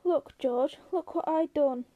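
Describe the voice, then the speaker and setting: A woman voicing a gentle, childlike giant of a man. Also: high-pitched, slow pace, narrow, tinny audio. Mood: eager. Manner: soft, pleading, childlike. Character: huge slow childlike man, gentle and forgetful.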